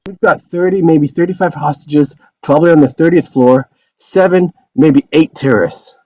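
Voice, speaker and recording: A man reading several police and FBI officials in a brisk, clipped tone, in a table read over a video call. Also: fairly high pitch, a little mellow, dry recording. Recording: dull dry video call audio.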